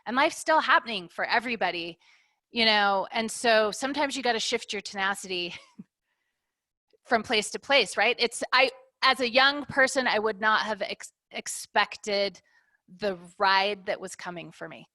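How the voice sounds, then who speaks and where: A middle-aged woman business owner speaks unhurriedly in a mid-range voice with a sharp tone, and the recording has no room sound. In a candid interview she reflects aloud, using analogies and often ending her points with "right?".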